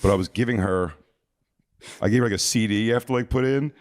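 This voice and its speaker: A man spins a rambling anecdote, full of fillers and restarts. His voice sits very low. The sound is dry and close, with no room. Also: quick pace, dry recording. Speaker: podcast co-host. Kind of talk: casual storytelling.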